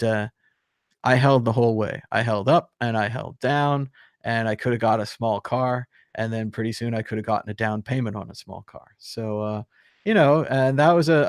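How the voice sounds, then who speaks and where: A man's voice: medium pitch, no room sound, clean studio sound. A man hosting a live online show, chatting casually and reading viewer comments aloud with lots of fillers. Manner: rambling, filler-heavy, reads chat aloud with chuckles. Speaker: crypto show host. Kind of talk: casual live-stream chat.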